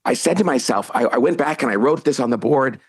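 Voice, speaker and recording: Husky-voiced man telling an animated story. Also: medium pitch, fast. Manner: animated storyteller, acts out quoted lines. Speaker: podcast guest, author and CEO. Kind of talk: storytelling in a casual interview.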